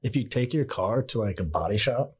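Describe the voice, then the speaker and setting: A man's voice: on the low side, fairly quick, breathy edge. A young man casually telling a story, acting out the quotes as he goes. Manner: animated anecdotes with acted-out quotes. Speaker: podcast guest, former Marine.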